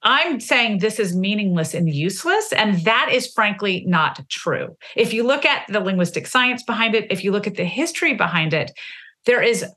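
A woman in her forties, a linguist, giving animated explanations in an interview and acting out example phrases. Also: mid-range voice, normal speed. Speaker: linguist guest.

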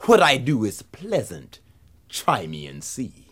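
A man voicing a cold, menacing magical whipping cord, speaking slowly and hushed. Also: huge pitch swings, husky, heavily acted. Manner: slow, low and hushed.

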